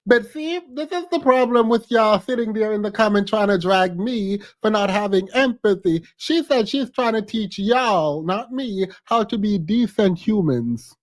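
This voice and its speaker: A man's voice: sits high, expressive, measured pace, few pauses. A man hosting a reaction commentary, sarcastic and incredulous, often breaking into laughter. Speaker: host.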